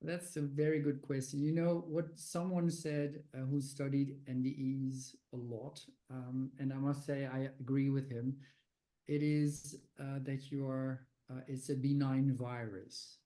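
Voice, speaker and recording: Older male guest, slow and halting, warm mellow tone, restarts often. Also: medium pitch, little pitch movement, rough recording. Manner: halting, with many fillers and restarts. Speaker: guest researcher of near-death experiences. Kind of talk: conversational interview answers.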